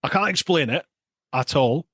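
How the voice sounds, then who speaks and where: Brief: middle-aged man, podcast host, animated casual storyteller, close dry mic. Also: a little high, normal speed, slightly rough, no room sound. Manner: animated, repeats words.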